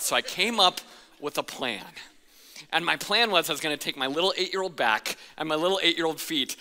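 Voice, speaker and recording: A male pastor tells a funny childhood story from the stage, acting out the crowd's counting and his own shouts. His voice is sharply bright and forceful. The sound rings with the long reverb of a large church hall. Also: fairly high pitch, animated, brisk, a little hiss or hum. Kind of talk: sermon with personal story. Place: church auditorium.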